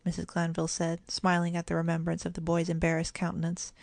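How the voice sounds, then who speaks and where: A woman giving gentle, even scripted narration of a children's storybook. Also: lowish voice, quick pace, gravelly, dry recording. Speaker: audiobook narrator.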